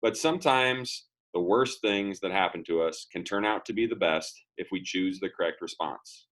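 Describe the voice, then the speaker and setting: Upbeat male speaker with a lowish voice, delivering a motivational lesson with a story. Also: fairly bright tone, low-quality recording. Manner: upbeat, acts out quoted dialogue.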